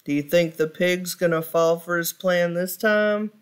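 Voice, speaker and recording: A woman reading a children's picture book aloud for storytime, pausing to ask her listeners questions. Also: on the low side, fairly even intonation, smooth.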